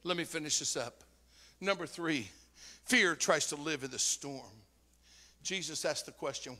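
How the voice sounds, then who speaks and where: A man, preaching a sermon as a guest speaker, telling stories with animation and rising to shouts. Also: a little high, animated, normal speed, in a large hall. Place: church sanctuary.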